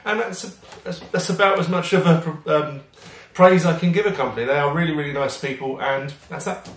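A man's voice: on the high side, fairly quick, husky. A man hosting a casual cooking demonstration, chatty and self-deprecating. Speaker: cooking show host.

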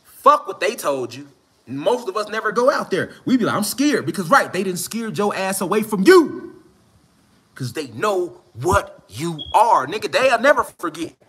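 A man giving a fired-up, profane, slangy preaching monologue outdoors in the mountains, often rising to shouts. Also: sits high, very animated, moderate pace, slightly rough. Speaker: spiritual commentator.

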